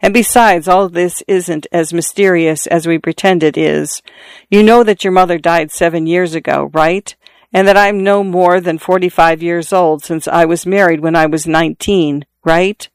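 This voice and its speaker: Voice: mid-range voice, fairly even intonation, normal speed, smooth, no room sound, lightly acted. A reader voicing a wounded, dying father in his forties who talks urgently and repeats himself, in pain and short of breath. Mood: earnest. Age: 40s. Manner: earnest, insistent, repeats himself. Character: dying middle-aged father, urgent and confiding.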